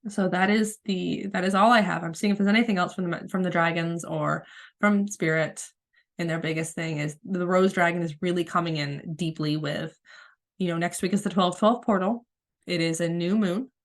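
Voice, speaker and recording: A woman with a cold, hosting a solo podcast as a spiritual coach in a gentle, chatty, rambling way. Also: on the low side, steady tone, moderate pace. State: has a cold. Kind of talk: casual solo podcast monologue.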